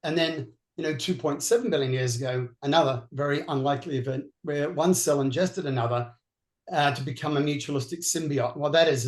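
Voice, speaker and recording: A man's voice: medium pitch, echoey room. A man with an Australian accent, a veterinary neurologist answering on a panel in an earnest, explanatory way.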